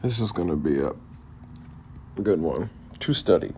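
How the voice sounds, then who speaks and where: A man's voice: low-pitched, expressive, measured pace, warm tone, slightly rough. A young man chatting casually and rambling with many hesitations, poking fun at himself while he practises a language lesson. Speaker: language learner vlogger. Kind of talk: casual chat while doing language drills.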